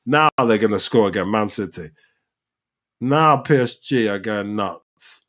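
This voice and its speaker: A man's voice: fairly low pitch, measured pace. A man hosting a live football reaction, talking over the match and calling out the players. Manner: excitable, shouts at players on screen.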